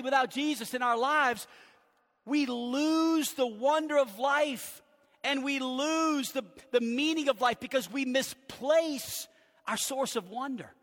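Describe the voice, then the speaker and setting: Male pastor, high tenor, sermon delivery, dips soft then swells; reverberant sanctuary. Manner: earnest preaching, swings from loud emphasis to hushed low phrases. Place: church sanctuary. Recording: long church hall reverb.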